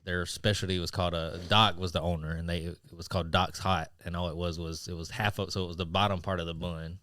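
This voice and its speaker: Man from south carolina, young adult, fast-talking, deep voice, rambling, dry sound. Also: level tone, pushed and bright, no echo. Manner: storytelling, rambling. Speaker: podcast co-host. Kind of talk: casual chat.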